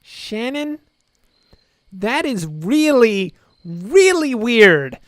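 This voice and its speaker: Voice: mid-range voice, very animated, drawn-out words, no echo, studio quality. A video game let's-play host giving casual commentary and reading the dialogue aloud, with sarcastic, wry asides.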